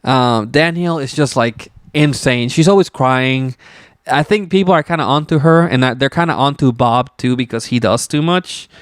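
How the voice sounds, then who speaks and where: Smooth-voiced man rambling on a podcast. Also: mid-range voice, normal speed, no echo, clean studio sound. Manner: rambling, loose, filler-heavy and swearing. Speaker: podcast host. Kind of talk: casual solo podcast chat.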